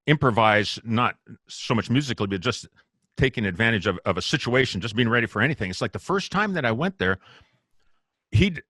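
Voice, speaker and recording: Animated man telling stories, dry sound. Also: medium pitch, fairly quick, dry recording. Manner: animated, laughs often, acts out quotes. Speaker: guest bassist. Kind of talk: casual storytelling interview.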